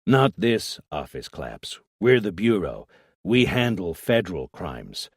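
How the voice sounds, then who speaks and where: A man's voice: low voice, very animated, slow, breathy edge, no room sound, clean studio sound, full character voice. A man voicing a reluctant, formal federal agent who chooses his words carefully. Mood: guarded. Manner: hesitant, formal.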